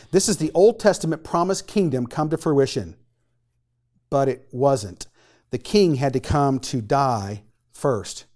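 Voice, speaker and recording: A male pastor delivering a sermon in a somewhat high voice. He tells the story with lots of energy, asks the congregation questions and acts out the quoted lines himself. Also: darkish tone.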